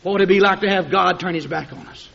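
Man, fiery preacher, high voice, hushed-to-shouting swings, dull old recording. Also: creaky, noisy background. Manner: dramatic swings from hushed to shouting, drawn-out emphasis. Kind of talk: fiery sermon.

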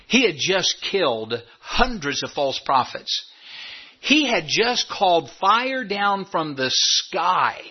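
A man's voice: high-pitched, big pitch swings, slow pace, breathy edge. A man preaching a sermon in church, telling the story with animation and stumbling over repeated words. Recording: dull lo-fi recording.

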